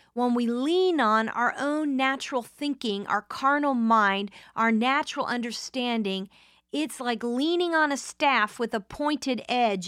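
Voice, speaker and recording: A woman preaching a sermon in a slow, deliberate, emphatic way. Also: on the high side, a bit bright, dry recording, studio quality.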